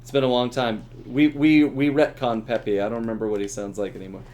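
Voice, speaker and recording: This is a middle-aged man talking loosely as he streams a game. He laughs easily, restarts his sentences and keeps the chat relaxed. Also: medium pitch, fairly quick, dull audio. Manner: chatty, laughs often, trails off in restarts. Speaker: streamer and voice actor. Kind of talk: casual chat while playing a game.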